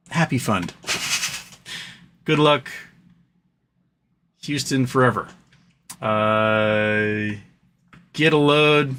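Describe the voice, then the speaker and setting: A man's voice: mid-range voice, takes it slowly, pauses often, clear, resonant tone. Fed-up man venting on a livestream. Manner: frustrated, animated, swearing, stumbling restarts. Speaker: livestream host. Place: home office.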